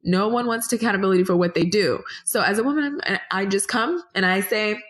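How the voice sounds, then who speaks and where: A woman's voice: medium pitch, quick pace, few pauses. A woman answering interview questions in an earnest, meandering way, restarting her sentences and rising in energy when she makes a point. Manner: rises animatedly when making a point. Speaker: podcast guest.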